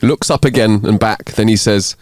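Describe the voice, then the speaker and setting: A man co-hosting a casual comedy podcast, reading listener jokes aloud and playing the characters with lively put-on voices. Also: fairly low pitch, moderate pace, no echo, clean studio sound. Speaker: podcast co-host.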